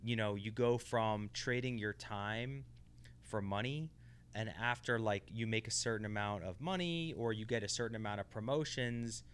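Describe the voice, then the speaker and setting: A man's voice: lowish voice, moderate pace, fairly bright tone, clean tone. A man co-hosting a casual podcast, reflecting and explaining ideas at length. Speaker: podcast co-host. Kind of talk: casual conversation.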